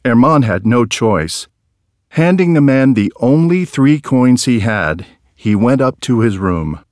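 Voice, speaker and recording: A man reads a children's story aloud, taking his time and letting his pitch rise and fall widely. The sound is dry and close with no room around it. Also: no echo. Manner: slow, lively, expressive reading. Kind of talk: scripted storybook narration.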